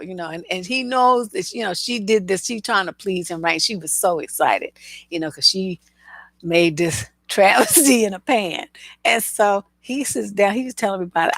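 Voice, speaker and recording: A woman's voice: medium pitch, no room sound. A woman relationship coach telling stories in casual commentary, laughing through her anecdotes and talking bluntly with profanity.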